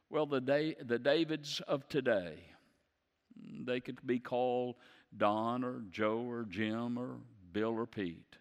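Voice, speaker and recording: A man preaching a sermon, moving from low, hushed passages to loud, impassioned declarations. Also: slow pace. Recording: long hall reverb.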